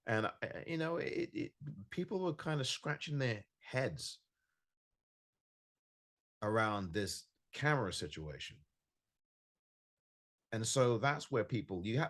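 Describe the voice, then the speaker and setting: Emphatic podcast host, low lively voice. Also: male voice. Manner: frustrated, emphatic, repeats himself for stress. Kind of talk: solo podcast match review. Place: home recording in California.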